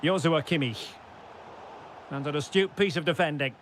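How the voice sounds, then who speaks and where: A man giving play-by-play football game commentary, shouting on goals and calm between plays. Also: on the high side, moderate pace, slight background noise.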